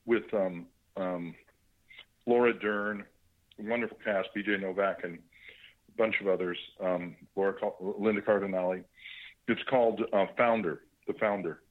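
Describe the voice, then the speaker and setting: An actor guest calls in to a talk show for a casual phone interview, rambling through stories with many fillers and frequent chuckles. His low-pitched voice is muffled by a dull phone line, and he speaks unhurriedly with fairly even intonation.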